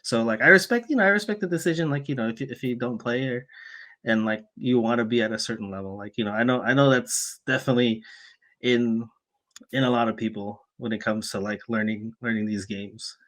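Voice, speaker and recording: A man's voice: medium pitch, fairly quick, a bit bright. A man co-hosting a casual podcast, talking hesitantly with lots of repeats and fillers. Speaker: podcast co-host. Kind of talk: casual chat.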